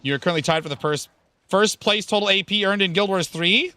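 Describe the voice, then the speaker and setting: A man with a bright, forceful voice streams a game and talks loosely with his chat. He rambles, swears freely and gets hyped. The sound is close and dry, with no room around it. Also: sits high, a little fast, no room sound. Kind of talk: casual live-stream chat while gaming.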